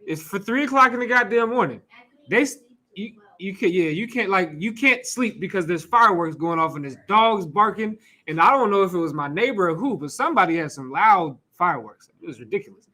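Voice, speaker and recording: This scripture class teacher speaks in a high-pitched, animated voice, a little fast and sharp in tone. His sermon is informal and conversational, with rhetorical questions, asides, the odd curse word, and laughs directed at the room.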